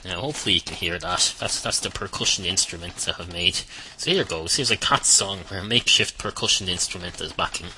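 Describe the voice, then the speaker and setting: A middle-aged Irish man with a low, very bright voice delivers a deadpan, rambling monologue at home with a faint hiss behind him. He wanders off track often, full of uhs and restarts. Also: brisk, rough recording. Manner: deadpan, meandering, many fillers and restarts. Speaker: podcast host. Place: at home at night.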